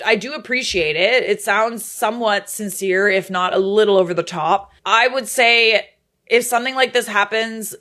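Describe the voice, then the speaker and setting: A woman hosting casual reaction commentary, candid and chatty and quick to laugh. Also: on the high side, fairly bright tone. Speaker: commentary host.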